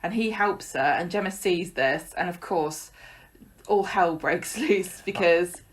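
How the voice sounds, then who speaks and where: A woman co-hosts a podcast, recapping a soap opera in casual, sarcastic chat punctuated by laughs. Her voice is on the low side and she speaks slowly.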